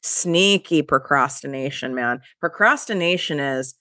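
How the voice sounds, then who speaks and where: A woman's voice: sits low, measured pace, bright, forceful tone, no room sound. Woman podcast host with a stuffy nose, casual and emphatic motivational talk, dry close sound. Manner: casual, emphatic, talks straight to listeners.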